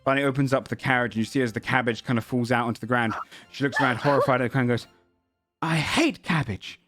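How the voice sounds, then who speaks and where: A man's voice: mid-range voice, flat delivery, rapid-fire, fairly bright tone. Guy running a tabletop game, easygoing narration, lots of um and like, music under it. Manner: loose, hesitant narration with many fillers. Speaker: game master.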